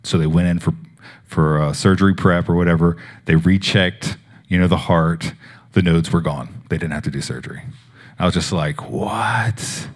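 Deep-ish male voice, preacher, casual testimony, animated, filler-heavy. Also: moderate pace. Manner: rambling, animated storytelling with many fillers. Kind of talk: sermon testimony storytelling.

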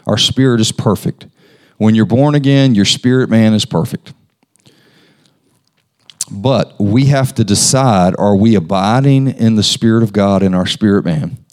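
A man's voice: lowish voice, a little slow, darkish tone. A man preaching a sermon, talking conversationally and asking his listeners questions. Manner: conversational, asks the congregation questions.

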